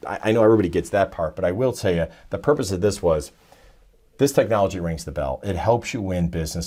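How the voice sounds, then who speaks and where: A man's voice: lowish voice, darkish tone. A middle-aged man, a sales trainer, telling a loose, enthusiastic story in a recorded video message.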